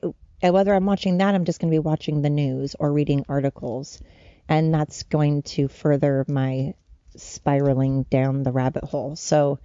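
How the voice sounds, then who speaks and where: A woman's voice: low voice, dark tone, no room sound, highs cut off. A woman hosting a solo podcast from home, ranting in a profane, rambling, worked-up way. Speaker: podcast host. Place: at home with her dogs.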